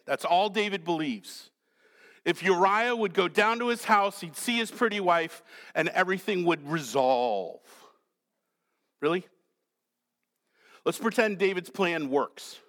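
A man's voice: high voice, fairly bright tone. A male pastor preaching a sermon in a dramatic, questioning way, acting out the characters.

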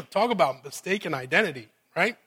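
A man's voice: high-pitched, sharp tone, slightly rough. A male pastor preaching a conversational sermon, often checking in with his listeners and acting out the scene he is telling. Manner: conversational, asks the audience "right?" often, dramatizes the scene.

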